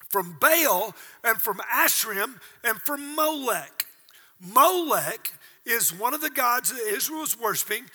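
A man in his sixties preaching a sermon as pastor, dramatic, dropping to hushed asides and rising to shouts, with rhetorical questions to the congregation. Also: high voice. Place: church auditorium. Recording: long reverb of a large church hall.

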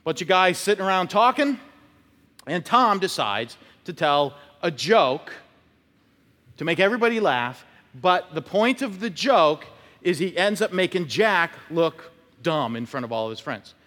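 A man's voice: sits high, very animated, measured pace, fairly bright tone. A male pastor preaching a conversational sermon, telling stories and acting out short quotes. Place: church sanctuary. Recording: long church reverb.

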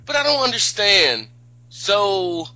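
A man co-hosting a casual chat who excitably jumps in with reactions to the episode. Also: high voice, slow pace, no room sound. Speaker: podcast co-host. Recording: dull lo-fi recording.

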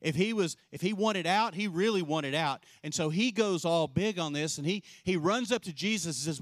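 A man preaching a sermon as pastor, telling a story with lively acted-out quotes and dropping soft and slow to drive points home. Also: fairly high pitch, no echo, clean studio sound. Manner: animated storyteller, acts out quoted voices; drops soft and slow for emphasis.

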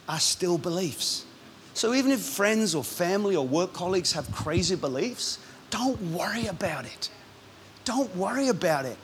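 A man, a pastor, preaching a sermon in a lively, punchy way with quick asides. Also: high voice, slight background noise.

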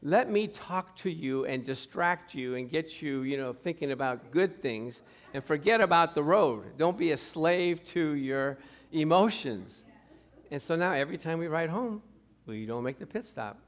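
A man's voice: on the high side, expressive, unhurried. A middle-aged man preaching a sermon as pastor, telling stories and acting out the people in them, often laughing. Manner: storytelling, acts out quoted people, laughs often.

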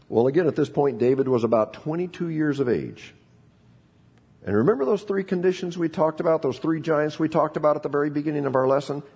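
Husky, high-voiced preacher man. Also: a little fast. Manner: animated storytelling with frequent restarts. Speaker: pastor. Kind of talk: sermon.

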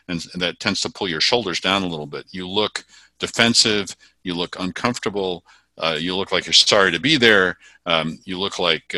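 A man, a communication expert, explaining body-language tips in an interview, measured and full of fillers and restarts. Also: low voice, bright, forceful tone, no echo.

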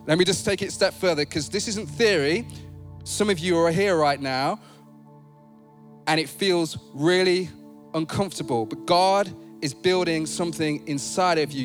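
A man preaching a sermon in a church, animated, playful and conversational. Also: fairly high pitch, normal speed, soft background music. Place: church sanctuary.

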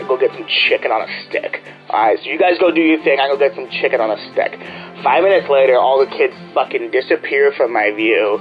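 A man telling a rambling comedic anecdote, swearing freely and stumbling over repeated words before bursting into loud mock shouts. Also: medium pitch, dull audio. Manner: profane, stammering, jumps into shouted impressions. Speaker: storyteller guest.

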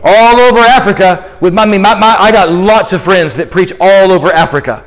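Man preaching, high voice, fervent and emphatic, sweating through his sermon. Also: poor audio. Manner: fervent, dramatic slowing on key lines. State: sweating, exerting himself. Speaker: guest preacher. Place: church sanctuary.

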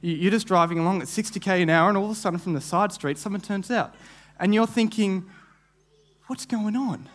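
A man's voice: sits high, quick pace, a bit bright. A young man preaching a sermon, telling a vivid story with frequent restarts and repeated words. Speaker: guest preacher.

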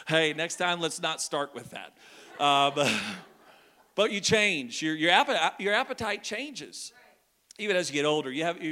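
Bright-voiced high male pastor preaching. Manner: conversational, joking with the congregation. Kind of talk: sermon. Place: church hall.

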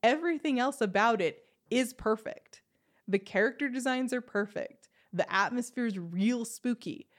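A woman's voice: a little high, normal speed. A woman co-hosting a casual chat, rambling through her thoughts on a game with many "like"s. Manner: rambling, restarts, lots of "like". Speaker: podcast co-host. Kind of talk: casual chat about video games.

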